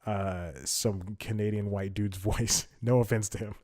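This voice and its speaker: Chatty, laughing man with a low voice. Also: steady tone, a little slow, darkish tone. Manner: chatty, laughs often, thinks aloud. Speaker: podcast host. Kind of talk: casual solo commentary.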